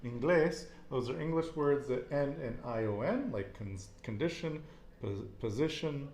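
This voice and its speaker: A man's voice: medium pitch, expressive, a little slow, darkish tone, reverberant. A man teaching a casual Spanish lesson, repeating each answer and praising it.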